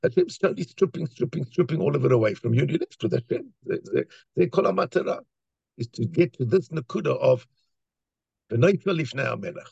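Rabbi guy telling a story fast, lively ups and downs, dull dry recording. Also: mid-range voice, creaky, husky, no room sound. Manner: animated storyteller, acts out voices, many restarts. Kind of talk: Torah talk to a congregation.

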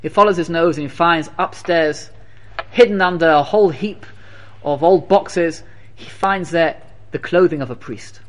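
Man, high voice, religious teacher, storytelling sermon, emphatic, repeats phrases. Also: moderate pace. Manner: animated, repetitive, emphatic.

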